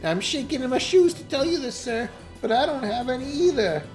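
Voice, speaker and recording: Give me a man playing a bumbling, fretful knight sidekick with a high voice. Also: sing-song, brisk, soft background music, heavily acted. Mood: flustered. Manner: fretful, overly formal.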